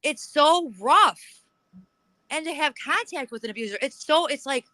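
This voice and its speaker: A woman with a bright, forceful, slightly high voice talks bluntly in a casual interview. She swears freely and acts out old arguments in quoted voices. The recording is dry and close. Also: lively intonation, moderate pace, dry recording, poor audio. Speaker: interview guest. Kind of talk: casual chat.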